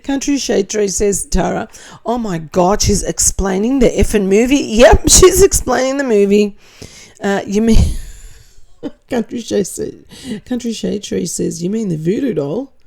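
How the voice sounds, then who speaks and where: A middle-aged Australian woman in a casual commentary chat, reading viewer comments aloud. Her voice is mellow and warm, at a middle pitch. She throws in blunt, sarcastic asides and laughs between lines. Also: expressive, measured pace, creaky.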